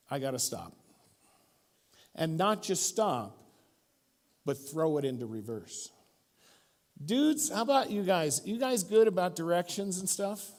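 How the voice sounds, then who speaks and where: A middle-aged male pastor preaching a sermon, telling stories and acting out the quotes in them. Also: sits high. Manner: storytelling, animated, acts out quotes. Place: church.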